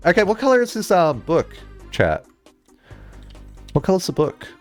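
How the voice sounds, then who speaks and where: A man's voice: sits high, huge pitch swings, normal speed, faint music behind. A male streamer chatting casually while playing a game, rambling through a story with lots of "like" and swearing.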